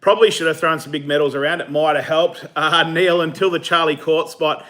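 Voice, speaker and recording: Speaking briskly in a steady, fairly bright voice that runs a little high, a man runs a fishing channel live stream. He's laid-back and chatty, quick to laugh, heavy on fillers, and responsive to viewer comments.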